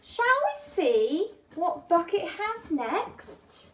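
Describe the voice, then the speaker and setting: A woman's voice: extremely high pitch, sing-song, very slow, a bit bright. A woman leading a bucket activity for a small child, narrating toys in an exaggerated sing-song voice full of gasps. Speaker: early-years teacher leading a bucket activity. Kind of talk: child-directed play narration.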